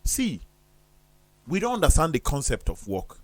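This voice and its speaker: Emphatic preacherly man, lively pitch. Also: normal speed, dry recording. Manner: emphatic, preacherly, rhetorical questions. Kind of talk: preachy studio discussion.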